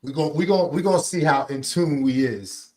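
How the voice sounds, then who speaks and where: Upbeat man, relaxed podcast co-host. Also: a little high, normal speed. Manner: upbeat, relaxed, drawls words when emphasizing. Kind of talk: casual chat.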